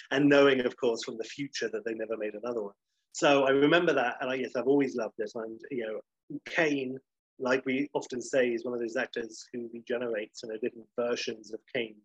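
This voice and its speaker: Rambling man, husky voice. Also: mid-range voice, dry recording, muffled recording. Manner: rambling, self-correcting, enthusiastic. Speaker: podcast co-host. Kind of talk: casual chat.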